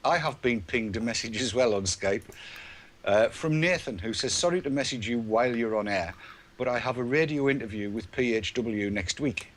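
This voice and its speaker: A man's voice: medium pitch, expressive, moderate pace, fairly bright tone. A man co-hosting a casual online chat show, with a dry, jokey delivery. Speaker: co-host.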